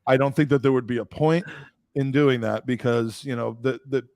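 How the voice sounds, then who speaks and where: Animated, self-mocking man on a podcast. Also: medium pitch, normal speed, background noise. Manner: animated, self-deprecating, stumbling restarts. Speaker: podcast co-host. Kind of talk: casual chat.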